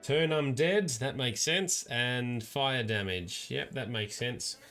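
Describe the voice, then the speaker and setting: A man's voice: medium pitch, slow pace, fairly bright tone, soft background music. A man giving casual live gameplay commentary as a streamer, chatting and reading lore text aloud.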